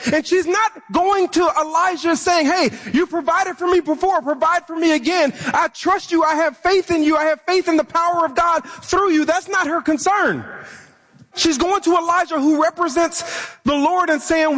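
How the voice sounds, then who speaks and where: Male pastor, very high voice, fervent sermon delivery, repeats words when pressing a point. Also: normal speed, fairly bright tone. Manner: impassioned, acts out voices of the troubled widow.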